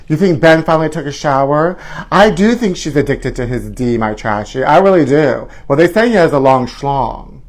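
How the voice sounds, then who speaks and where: A man's voice: a little high, lively intonation, moderate pace. A man hosting a live celebrity gossip show in a flamboyant, theatrical manner, calling his viewers honey. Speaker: host. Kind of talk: campy celebrity gossip chat.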